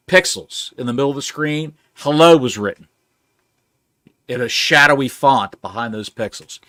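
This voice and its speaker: A male co-host chatting about wrestling news with a wry, storytelling manner. His pitch swings widely. The sound is close and dry. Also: pushed and bright, dry recording. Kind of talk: casual wrestling podcast chat.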